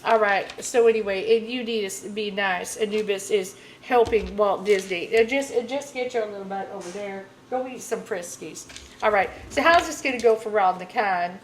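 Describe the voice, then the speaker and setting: A woman's voice: mid-range voice, normal speed, a little hiss or hum, rough recording. Rambling woman tarot vlogger. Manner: rambling, heavy with filler phrases, blunt. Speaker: tarot reader. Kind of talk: casual rambling rant to camera.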